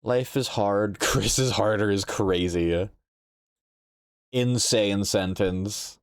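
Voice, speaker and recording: Young man, low-pitched, slow and drowsy, playful game-stream chatter, dry close sound, faint game music behind. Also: smooth, dry recording. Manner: playful, animated, exclaims and laughs often. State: sleepy, yawning. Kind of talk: casual live-stream chat while playing a game.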